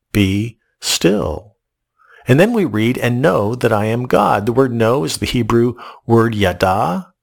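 Earnest male pastor with a gravelly voice. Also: mid-range voice. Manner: repeats words in short restarts, reflective and earnest. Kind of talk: sermon.

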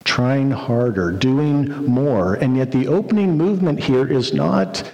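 A man preaching a sermon, slow and reflective, with many pauses. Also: mid-range voice, lively intonation, darkish tone. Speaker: pastor. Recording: long reverb of a hall.

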